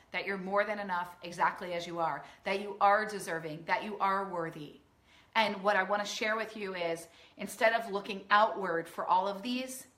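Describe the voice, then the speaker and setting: A woman's voice: medium pitch, sharp tone, roomy sound. A woman weight-loss coach speaking to a live online audience in an earnest, emphatic way, often acting out the voices in people's heads. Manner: earnest, emphatic, acts out quoted inner voices. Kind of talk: live-streamed coaching talk.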